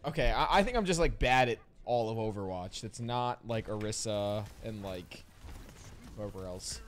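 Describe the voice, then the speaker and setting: A hoarse young man hosting a game stream, excitable and exasperated, swearing in casual banter. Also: fairly low pitch, normal speed, a little hiss or hum. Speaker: streamer host.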